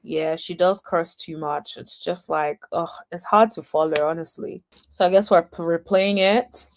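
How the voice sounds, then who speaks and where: A woman's voice: fairly low pitch, steady tone, unhurried, slight background noise. A woman hosting a casual reaction commentary, speaking to her viewers with chatty, exasperated asides. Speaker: host.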